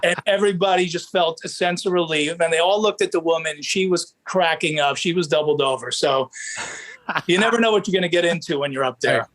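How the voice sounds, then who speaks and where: A male comedian guest on a podcast, telling a stand-up story in an animated, punchline-driven way. His voice sits somewhat high for a man. He speaks casually. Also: a little fast.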